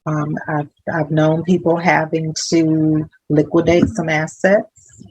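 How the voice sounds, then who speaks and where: Low-voiced woman explaining patiently. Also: little pitch movement, a little mellow, breathy edge, rough recording. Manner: measured, explanatory, with fillers. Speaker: hospital social worker, guest. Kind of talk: conversational interview.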